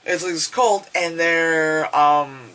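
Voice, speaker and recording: A woman's voice: low voice, takes it slowly, a bit bright, poor audio. Young woman, casual reviewer; rambly, lots of "um" and "like", swears, breaks into character voices. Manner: rambling, filler-heavy, swears, acts out characters in quotes. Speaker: film reviewer. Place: home, late at night.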